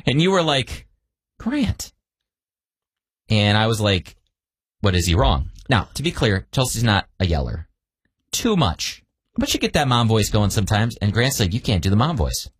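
A man co-hosting a casual radio show, telling a family story with animated delivery and acted-out quotes. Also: lowish voice, moderate pace, slightly rough, no room sound, studio quality. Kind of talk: casual morning radio banter.

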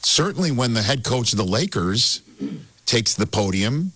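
A man hosting casual sports talk, animated and excitable, laughing as he tells it. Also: mid-range voice, normal speed, husky, no echo. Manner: animated, excitable, laughs while telling stories.

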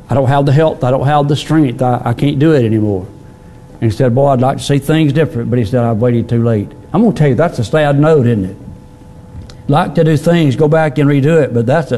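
Male pastor, middle-aged, mellow tone; folksy sermon delivery with restarts and fillers. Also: mid-range voice. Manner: plain-spoken, repeats words, many fillers.

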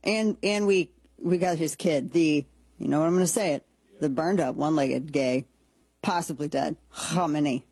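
A woman hosts a political talk show with a slightly husky voice, recorded dry and close to the mic. She talks in a sarcastic, blunt, joking way and often restarts her sentences as she thinks aloud. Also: deep voice, moderate pace, darkish tone, dry recording. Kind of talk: opinionated political commentary.

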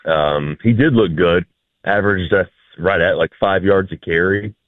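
A man's voice: low-pitched, moderate pace, no echo. A man giving easygoing sports analysis with dry humor and many fillers. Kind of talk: casual sports talk. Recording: dry, tinny phone line.

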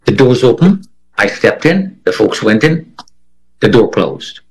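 Man, low husky voice, very lively pitch, first-person storytelling, interview, acts out quoted voices. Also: unhurried, rough recording.

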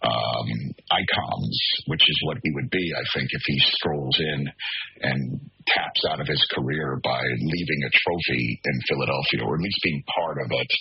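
A man's voice: extremely low pitch, moderate pace, gravelly, slightly rough. A man, a sports talk host, chatting casually by remote call with many fillers and rambling asides. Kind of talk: casual chat. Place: hallway of a shopping building. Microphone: remote call with weak signal. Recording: dull lo-fi remote call audio.

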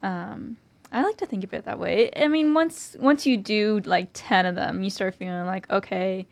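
A woman's voice: mid-range voice, moderate pace, creaky. Young woman chatting with easy laughs. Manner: relaxed, laughs often, many fillers. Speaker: mock trial team member. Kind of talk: casual chat.

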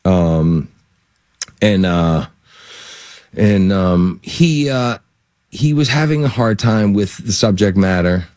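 A man guest-starring in an interview, telling lively anecdotes and laughing through them. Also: on the low side, takes it slowly, pauses often, no echo, clean studio sound. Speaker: guest actor. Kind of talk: casual interview storytelling.

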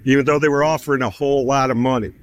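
A man's voice: mid-range voice, steady tone, racing. A man in his fifties telling a personal story in a casual, chatty way, full of fillers. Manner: chatty, many "you know" fillers, laughs between phrases. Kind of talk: casual spoken testimony.

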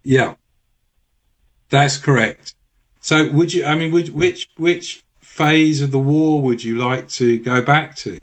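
A man appearing as a guest on a radio show, explaining things in a careful, measured, sometimes halting way. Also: fairly high pitch. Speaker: studio guest. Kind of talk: radio interview.

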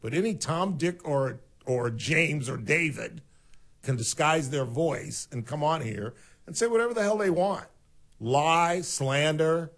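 A man's voice: fairly high pitch, a little slow, a bit bright. A middle-aged male radio host delivering an indignant monologue to his listeners. He speaks emphatically and pushes back hard on callers. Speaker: radio talk show host.

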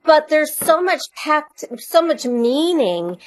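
A woman's voice: high-pitched, big pitch swings, slow. A woman who is an author and money coach, a radio interview guest, speaking earnestly and reflectively with conviction.

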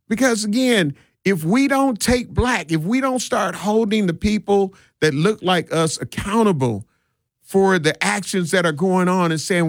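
A man's voice: high-pitched, animated, moderate pace, no echo, clean studio sound. A male radio talk show host giving emphatic, preachy commentary, repeating his points for effect. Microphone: studio microphone.

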